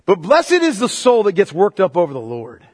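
A man preaching a sermon as pastor, swinging between quiet, low reflection and loud, excited exhortation. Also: normal speed. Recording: long hall reverb.

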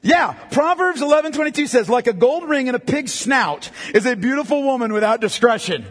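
A man's voice: very high-pitched, animated, a little fast, breathy edge. A middle-aged male pastor preaching a sermon to a congregation, mixing scripture with joking asides. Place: church hall. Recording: long hall reverb.

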